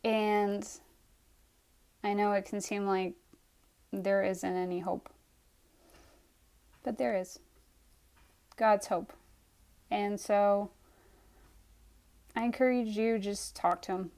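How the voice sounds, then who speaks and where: A young adult woman, an author, chatting earnestly on a live stream to her readers, gushing, with soft laughs and trailing starts. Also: medium pitch, fairly even intonation, takes it slowly, pauses often. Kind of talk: heartfelt live stream chat.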